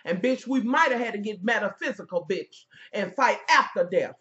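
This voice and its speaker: A woman giving heated, profane commentary as she reviews a reality TV episode, sassy and loud. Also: medium pitch, animated, normal speed, dull audio.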